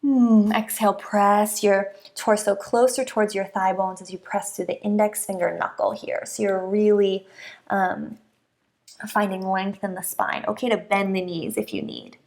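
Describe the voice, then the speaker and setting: Calm encouraging woman yoga teacher. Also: mid-range voice, moderate pace. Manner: calm, encouraging cues timed to the breath; soft hums between cues. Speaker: yoga instructor. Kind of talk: guided yoga class instruction.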